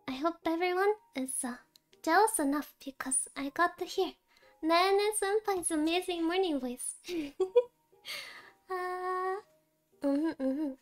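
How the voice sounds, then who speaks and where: A woman VTuber chatting casually to her viewers while gaming, cutesy and giggly, with a tired, sleepy voice. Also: very high voice. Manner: giggly, cutesy, talks to chat with many laughs. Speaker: VTuber streamer. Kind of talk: casual game stream chat.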